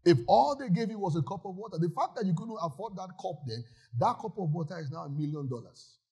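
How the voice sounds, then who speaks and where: A man's voice: high voice, expressive, fast talker, warm tone, husky. A male pastor preaching a sermon in a church, emphatic and often asking the congregation if they follow.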